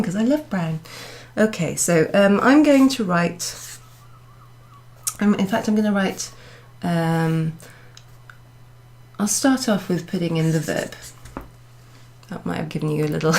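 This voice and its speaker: A woman teacher slowly taking beginners through a French lesson, repeating phrases patiently and often pausing with ums. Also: mid-range voice. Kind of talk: recorded class summary lesson. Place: classroom in a pub venue.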